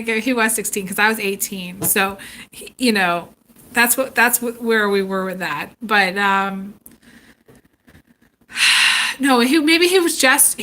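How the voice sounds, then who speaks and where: A woman in her thirties telling family stories in a casual live chat, animated and laughing often. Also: medium pitch, slight background noise. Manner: animated, laughs often, acts out quoted voices. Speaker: tarot reader chatting on a live stream.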